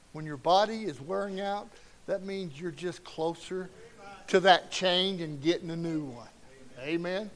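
A middle-aged man preaching a sermon in a folksy, conversational way that swings from quiet to loud. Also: high-pitched, unhurried.

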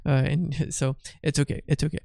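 A man's voice: fairly high pitch, level tone, brisk, vocal fry, dark tone, no echo, studio quality. A tired, yawning man teaching a Bible study in a chatty way, often asking "right?" and restarting his phrases.

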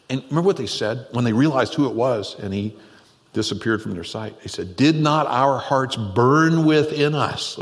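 A man pastor preaching a conversational, animated sermon in a church, with frequent laughs. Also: fairly low pitch. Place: church sanctuary. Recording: long reverb in a church hall.

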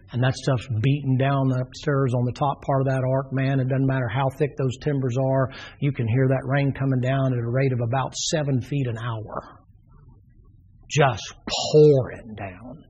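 A man's voice: mid-range voice, a little mellow, husky. A man preaching a sermon, telling the story with drama and acting out the characters' voices. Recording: dull lo-fi sermon recording.

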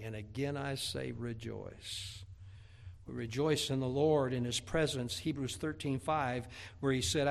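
A man preaching a sermon, telling homely stories with humor, repeating words as he builds to emphatic, rising points. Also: mid-range voice. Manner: folksy, humorous storytelling with rising emphatic bursts. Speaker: pastor.

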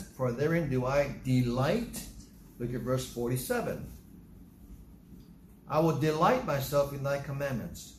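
A man preaching a Bible teaching sermon, animated and quizzing his congregation. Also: medium pitch, a little hiss or hum. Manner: animated, asks the congregation questions. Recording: echoey room, faint ambience.

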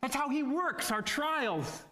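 A man's voice: very high voice, expressive, takes it slowly, bright, forceful tone. A man preaching a sermon, earnest and exhorting, who calls his listeners beloved.

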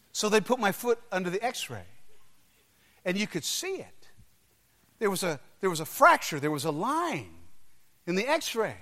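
Preaching through personal stories, a man with a fairly high voice uses emphatic phrasing and dramatic pauses, very animated, with a bright, forceful tone. The sound echoes through a long, reverberant hall.

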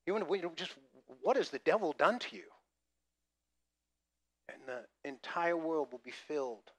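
Male pastor, sermon, high bright voice, joking storyteller. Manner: storytelling with jokes and acted-out gasps.

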